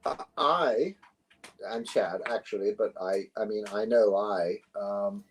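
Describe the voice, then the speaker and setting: A man's voice: on the low side, animated, takes it slowly, husky, rough recording. Older London-accented man telling anecdotes. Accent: English, London. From London, England. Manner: rambling, anecdotal, self-correcting. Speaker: guest, actor and musician. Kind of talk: relaxed conversational interview.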